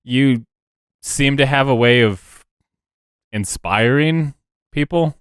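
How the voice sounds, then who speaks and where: A man playing a tabletop role-playing game, describing and voicing his character in a halting way with many fillers and restarts. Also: mid-range voice, smooth, no echo, studio quality. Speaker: player.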